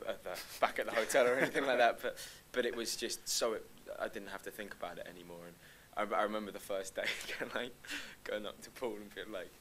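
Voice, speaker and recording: Deep-voiced young man, quick. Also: a bit bright, a little hiss or hum, rough recording. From London. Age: young adult. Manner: hesitant, restarts often, laughs lightly. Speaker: actor guest. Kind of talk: live Q&A conversation. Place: live stage event.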